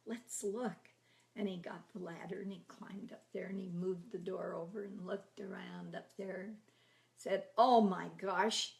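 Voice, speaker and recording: A woman in her eighties telling family stories from her childhood in a chatty, laughing way, often trailing into soft half-whispers. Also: lowish voice, flat delivery, normal speed, vocal fry. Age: 80s. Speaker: grandmother telling her life story. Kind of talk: casual oral history reminiscing.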